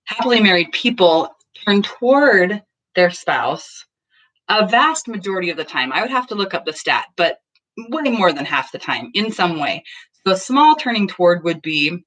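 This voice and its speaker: A woman's voice: fairly low pitch, sing-song, normal speed, a bit bright. A woman in her thirties talking casually about parenting at home, earnest and acting out small bits of dialogue. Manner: earnest, acts out little dialogues. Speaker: parenting vlogger. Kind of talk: casual talk to camera. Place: home, just in from the garden.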